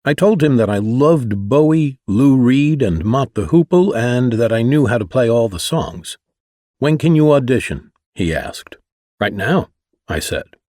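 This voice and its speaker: A man's voice: mid-range voice, animated, measured pace, few pauses, dark tone, no room sound. A man narrating his own memoir in a wry, conversational way, close to the mic. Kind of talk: audiobook narration.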